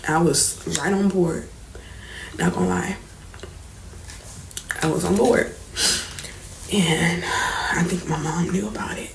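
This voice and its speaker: A woman's voice: on the low side, steady tone, a little slow, creaky, long pauses. A young woman telling a personal story in a casual, candid vlog, slangy and swearing as she goes. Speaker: vlogger telling her story. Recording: roomy echo, faint background noise.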